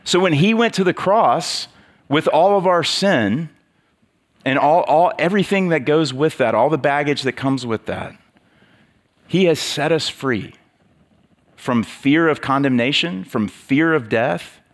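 A man's voice: a little high, animated, measured pace. Preacher, male, casual sermon delivery, chatty, lots of fillers and restarts. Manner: conversational, with many fillers and restarts.

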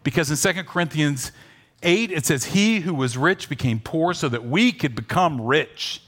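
A man pastor preaching a sermon, telling a story with animated swings between loud urging and quiet asides. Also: on the high side, normal speed.

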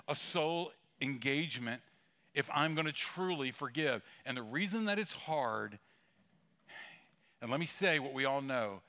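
A man's voice: a little high, sharp tone. A man preaching a sermon as a pastor, conversational and emphatic, with asides and humor.

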